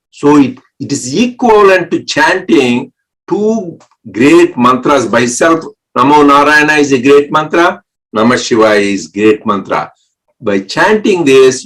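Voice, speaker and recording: A man delivers a spiritual talk in a mid-range voice, taking mantras apart syllable by syllable. He speaks in short phrases with frequent restarts and pauses, leaving room for translation. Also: mid-range voice, a bit bright, poor audio. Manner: breaks words into syllables, with many restarts and pauses.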